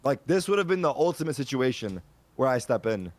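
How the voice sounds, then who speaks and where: A man's voice: mid-range voice, very animated, fairly quick, no echo. A man co-hosting a stream, joking around with playful mock threats. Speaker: streamer co-host. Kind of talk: casual stream chat.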